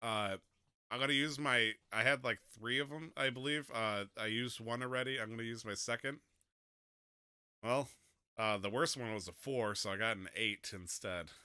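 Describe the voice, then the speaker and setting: Bright, smooth-voiced man playing a tabletop game. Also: mid-range voice, normal speed, no echo, studio quality. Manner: hesitant, laughing, swears freely. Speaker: player and podcast host. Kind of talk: casual tabletop play.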